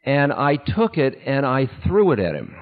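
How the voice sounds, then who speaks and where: A man's voice: medium pitch, wildly swooping pitch, a little hiss or hum. Man telling a story in a reverberant hall. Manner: candid, unhurried, breaks into laughter. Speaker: spiritual teacher. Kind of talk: personal storytelling talk. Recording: tinny lo-fi audio with long hall reverb.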